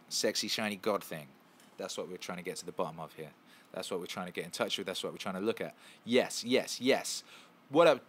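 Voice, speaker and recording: A man's voice: fairly low pitch, a bit bright. A man hosting a casual live stream, answering chat questions in an emphatic, profane, repetitive way.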